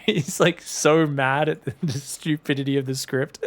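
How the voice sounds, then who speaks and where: A man casting a strategy game match solo, excitable and chatty, often calling out to his viewers. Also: on the high side, takes it slowly. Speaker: esports caster.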